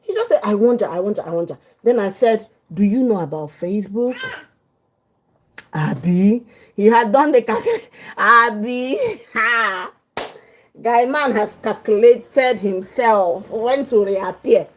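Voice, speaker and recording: A woman with a Nigerian accent, chatting as a livestream host in her home kitchen, telling a story with lively acted-out quotes. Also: on the high side, takes it slowly, a little hiss or hum, low-quality recording. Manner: lively, acts out quotes, mixes in pidgin.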